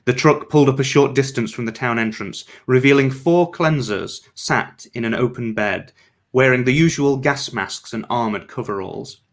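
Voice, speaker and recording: A man reads his own story aloud at a measured pace. His voice sits mid-range for a man, and his narration is even and steady. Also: medium pitch. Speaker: author. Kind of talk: reading fiction aloud.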